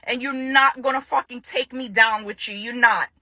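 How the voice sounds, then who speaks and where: A woman's voice: a little high, fairly even intonation, moderate pace, sharp tone, dry recording. A young adult woman making an angry public statement to her ex-partner, confrontational and furious, repeating phrases for emphasis.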